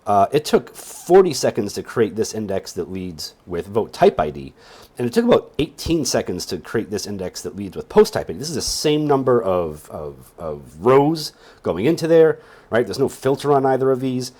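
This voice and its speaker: A man's voice: mid-range voice, sing-song, moderate pace, darkish tone, husky. A sleepy man teaching a casual screen-share tutorial on databases, rambling along with wry joking asides. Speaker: database instructor.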